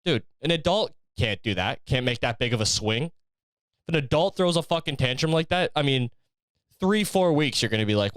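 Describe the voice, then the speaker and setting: A man's voice: mid-range voice, animated, moderate pace, fairly bright tone, no echo, clean studio sound. A young man hosting a podcast alone, rambling in a profane, jokey monologue. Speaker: podcast host. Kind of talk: casual solo monologue.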